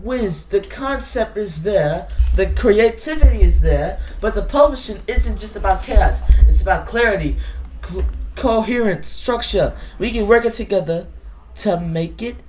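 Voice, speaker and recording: A woman voicing a weary, patient male book editor in a comedy sketch, calm and placating. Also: mid-range voice, unhurried, faint music behind, lightly acted, rough recording.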